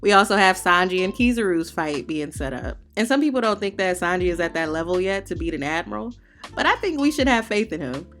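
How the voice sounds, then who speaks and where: A woman's voice: on the low side, animated, brisk, a bit bright, soft background music. A woman hosting a manga review, recapping the chapter in casual, slangy, opinionated talk with playful heckling asides.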